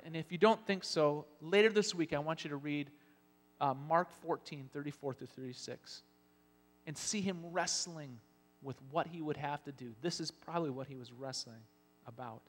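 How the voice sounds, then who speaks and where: A man preaching a sermon as pastor, telling Bible scenes with lively acted-out lines. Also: on the high side, normal speed. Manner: animated storytelling, acting out Bible scenes. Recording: long hall reverb.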